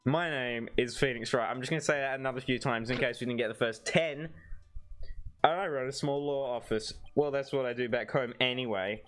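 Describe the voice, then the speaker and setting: A man's voice: mid-range voice, fairly quick, a bit bright, faint music behind, natural voice. A man reading an earnest young lawyer's lines in a plain, wry way. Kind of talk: reading game dialogue aloud.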